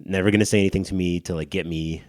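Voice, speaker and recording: Deep-voiced man telling a rambling story. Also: steady tone, rapid-fire, darkish tone, dry recording, studio quality. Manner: rambling, self-mocking storyteller with crude humor. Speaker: podcast co-host. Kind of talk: casual storytelling chat.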